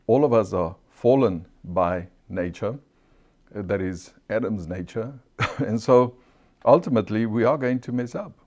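A man's voice: fairly low pitch, a little mellow. A man giving a casual sermon-style teaching, earnest and conversational, often asking rhetorical questions and laughing lightly. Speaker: Bible teacher.

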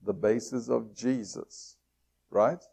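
A pastor delivers a sermon in a slow, unhurried way, his voice gravelly and a little husky. His tone is dark and mellow rather than bright. He keeps asking his listeners questions and slows right down on key phrases. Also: medium pitch. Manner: asks the congregation many rhetorical questions; reads scripture aloud.

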